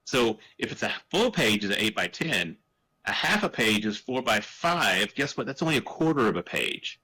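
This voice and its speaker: A man's voice: lowish voice, sing-song, normal speed, pushed and bright, slightly rough, poor audio. A man from the United States with a slight Texan accent, chatting casually on a podcast, joking and going off on tangents. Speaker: podcast guest.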